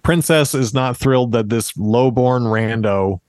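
With a smooth, slightly mellow mid-range voice and a measured pace, a podcast host in his thirties offers a relaxed retelling of a fairy tale. He laughs and slips in jokes, and the recording has no room sound.

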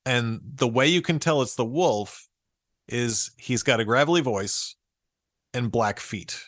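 A man's voice: mid-range voice, a little slow, a bit bright, no room sound, clean studio sound. Chuckling man retelling a fairy tale. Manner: amused, laughs often while reading. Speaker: podcast co-host.

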